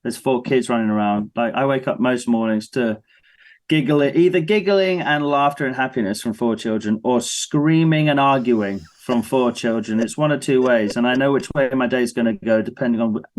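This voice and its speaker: An English man in his thirties chats as a guest on an interview show, telling animated anecdotes and slipping into his family's voices. His voice sits at an ordinary middle pitch. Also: moderate pace. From England. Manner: lively storyteller, acts out his family's voices. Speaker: guest musician. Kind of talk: casual interview chat.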